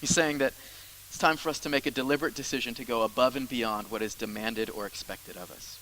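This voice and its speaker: A man's voice: medium pitch, quick pace, sharp tone, a little hiss or hum, poor audio. A man preaching a sermon as the church's pastor, in a conversational style with asides and repeated phrases.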